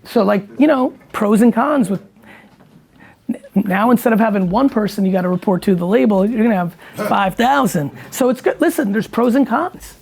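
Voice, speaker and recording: Gravelly, blunt-talking man. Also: high voice, normal speed, darkish tone. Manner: blunt, profane, emphatic. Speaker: guest entrepreneur. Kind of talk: casual conversation.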